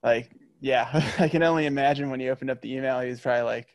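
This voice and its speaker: A man hosting a casual interview, asking quick follow-up questions and laughing often. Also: mid-range voice, steady tone, no room sound. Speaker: podcast host.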